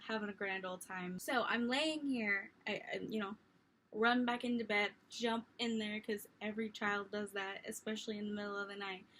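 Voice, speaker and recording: A young woman vlogger telling a story in a casual, animated, self-mocking way. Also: medium pitch, a little hiss or hum.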